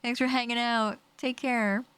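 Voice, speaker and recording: A woman streaming a story game live, with excitable, giggly asides to her viewers. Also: on the high side, a little slow, smooth, dry recording, rough recording. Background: game music.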